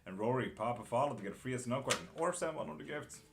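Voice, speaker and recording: A man's voice: mid-range voice, animated, rapid-fire, music in the background. A man reading tarot live, chatting casually and bluntly with viewers, calling them by name and swearing now and then. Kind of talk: casual live-stream chat.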